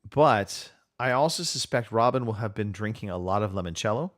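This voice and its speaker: A man co-hosting a casual podcast, joking and teasing his co-host. His pitch swings widely, giving his talk a lively bounce. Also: fairly quick. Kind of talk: casual chat.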